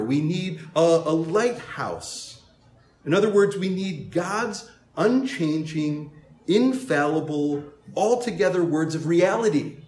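A man preaching a sermon as pastor, emphatic and animated, with playful asides to the congregation. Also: fairly high pitch, reverberant.

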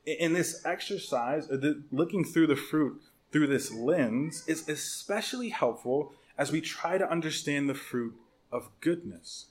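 A man preaching a sermon as pastor, telling stories in an animated, humorous way with conversational restarts and repeated words. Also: fairly high pitch, a little slow.

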